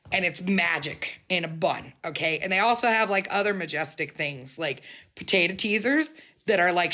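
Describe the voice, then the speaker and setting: A woman's voice: lowish voice, pushed and bright. A woman hosting a casual mukbang livestream, chatting in a bubbly way and greeting her viewers. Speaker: livestream host.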